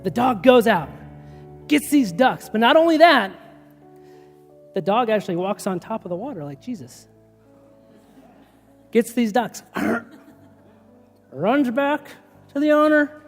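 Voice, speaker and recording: Animated man preaching in a church hall. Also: very high-pitched, takes it slowly, pauses often, soft background music. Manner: storytelling, animated, laughs often. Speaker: pastor. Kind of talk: sermon.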